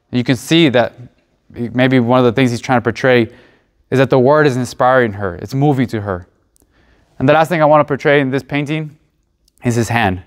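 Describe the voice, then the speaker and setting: Young male seminarian, mock tour guide for a class presentation, earnest, chatty, stumbles and restarts now and then. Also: medium pitch. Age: young adult. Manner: conversational and earnest, with restarts and uh fillers.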